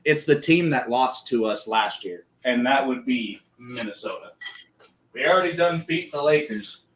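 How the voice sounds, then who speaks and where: A man co-hosting a sports podcast, chatting casually and excitedly about the game and swearing freely. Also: mid-range voice, moderate pace. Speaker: podcast co-host. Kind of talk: casual sports chat over a live game.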